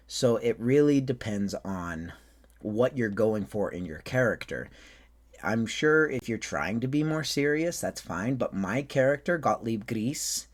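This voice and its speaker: A man who performs at a Renaissance faire, explaining how he does accents in a casual way. He speaks English with a put-on German accent over a slight Southern and Western American one, and his voice jumps up high when he shows off his flamboyant character. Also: expressive, measured pace. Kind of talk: casual talk on accent technique.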